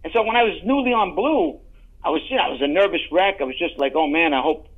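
This guest is a middle-aged actor whose voice is strikingly high, talking at a quick pace in a casual interview. His animated stories ramble, full of stumbling restarts and extra asides, all heard through a muffled, lo-fi-sounding line.

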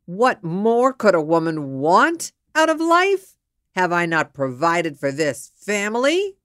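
A woman's voice: on the low side, sing-song, takes it slowly, fairly bright tone, no room sound, clean studio sound, exaggerated voice. A woman voicing an indignant middle-aged husband who sounds defensive and put out, speaking in a huffy, exasperated outburst.

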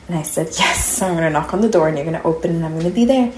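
A woman's voice: lowish voice, a little fast, few pauses, darkish tone, slight background noise. A young woman, a college student, recording a candid, conversational personal audio diary that turns openly emotional. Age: young adult. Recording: roomy echo.

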